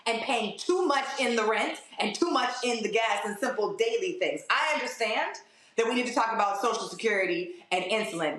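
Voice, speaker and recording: A woman's voice: a little high, a bit bright, heavy reverb. A young adult woman panelist and activist giving passionate, emphatic live political commentary, sometimes mocking what she quotes. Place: outdoors in a city.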